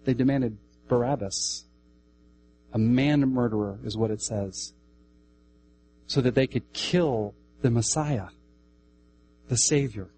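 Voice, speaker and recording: Man, preacher, sermon, emphatic, repeats phrases, loud then hushed. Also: mid-range voice, slow, pauses often, a little hiss or hum, low-quality recording. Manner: emphatic, repeats key phrases, swings between loud and quiet.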